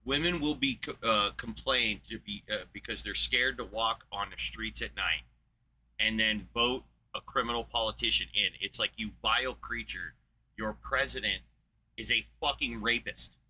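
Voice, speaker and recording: A man delivers an angry, profane rant in a very bright, sharp-edged voice. He sounds exasperated, swearing heavily as he reacts as a podcast host. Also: on the low side, normal speed, slight background noise, low-quality recording.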